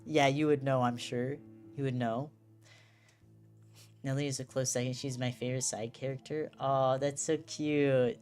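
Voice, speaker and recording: A young woman streamer with a low voice, chatting casually as she reads game text aloud. She slips in and out of character voices. Faint game music plays behind her. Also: steady tone, moderate pace, darkish tone.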